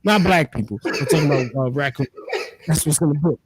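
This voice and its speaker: High-voiced man telling stories animatedly. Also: fast. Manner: animated storyteller, profane slang, laughs often. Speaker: podcast host. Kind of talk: casual chat.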